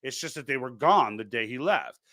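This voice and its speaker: A man's voice: medium pitch, expressive, normal speed, pushed and bright, dry recording. A man with a New York accent hosting a casual political livestream, reading out chat comments and rambling with frequent restarts. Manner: rambling, many restarts and repeated words.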